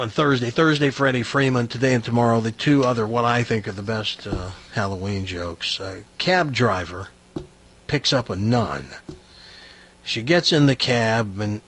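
A man's voice: medium pitch, fairly bright tone, slightly rough. A man hosting a radio talk show who trades casual banter and tells jokes in a wry, playful way.

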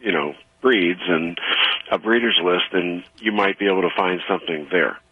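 Husky, low-voiced vet guest on a call-in show, chatty storyteller, tinny phone-like sound. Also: male voice, normal speed, dry recording. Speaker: veterinarian guest. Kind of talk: call-in radio talk. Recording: phone-like radio audio.

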